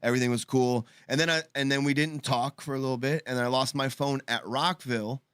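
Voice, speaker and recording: Halting, rambling man on a dry mic. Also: mid-range voice, steady tone, fairly bright tone, clean tone, no room sound. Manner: rambling, halting storyteller with many restarts. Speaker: podcast co-host. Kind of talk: casual group chat.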